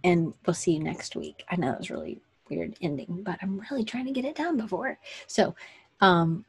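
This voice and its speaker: Chatty husky woman hosting a livestream. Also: fairly low pitch, expressive, normal speed, a little mellow. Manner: chatty, rambling, with many fillers and self-corrections. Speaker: host of a live online session for creative business owners. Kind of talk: casual livestream talk.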